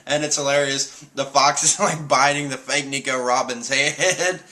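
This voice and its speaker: A man recaps a comic chapter for his stream in loose, rambling chat, chuckling as he goes and dropping casual swears. His voice sits at an ordinary pitch for a man but has a very bright, sharp edge. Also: fairly even intonation, moderate pace.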